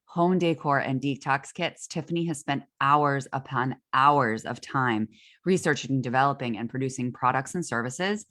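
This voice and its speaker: A woman's voice: rumbling low, normal speed, fairly bright tone. A woman hosting a podcast while she has a cold, talking in a bubbly, effusive way on a video call. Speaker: podcast host. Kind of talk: casual interview chat.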